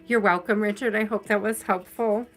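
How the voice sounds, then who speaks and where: A woman hosting a live tarot reading, talking to her viewers in a chatty, affectionate way and stretching out the words she stresses. She sounds tired and keeps yawning as she goes on. Soft music plays faintly behind her. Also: mid-range voice, steady tone. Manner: chatty and affectionate, drawn-out stresses, frequent laughs. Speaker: tarot reader.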